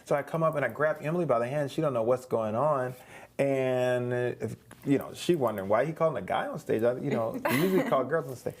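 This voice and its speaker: Man, middle-aged, gravelly, mid-pitched, animated storyteller, interview guest. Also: fast. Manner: animated storyteller, acts out quoted voices, many restarts.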